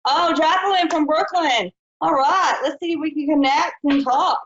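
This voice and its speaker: Woman, high-pitched, folksy and chatty, dull lo-fi stream audio. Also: normal speed, a bit bright, a little hiss or hum. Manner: chatty, folksy, says honey and y'all. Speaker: psychic show host. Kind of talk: live-stream call-in show.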